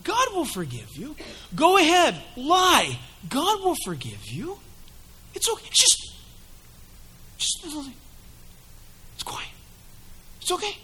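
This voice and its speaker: A preacher putting on a sly, wheedling devil. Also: male voice, very high voice, wildly swooping pitch, unhurried, long pauses, pushed and bright, pitched above the performer's own voice, exaggerated voice. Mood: coaxing hush. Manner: wheedling, taunting. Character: sly tempting male devil, coaxing and accusing.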